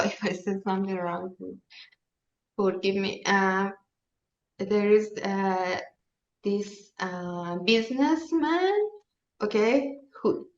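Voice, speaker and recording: Distant woman telling a halting story. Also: medium pitch. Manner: halting, searching for words, many fillers. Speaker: workshop leader. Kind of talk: casual storytelling. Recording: roomy, distant, dull sound.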